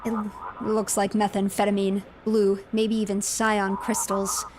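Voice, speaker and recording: A gruff sea captain, put on by a woman, reporting over the radio in a lowered, terse, grim voice. The recording carries a clear layer of hiss. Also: little pitch movement, unhurried, lightly acted.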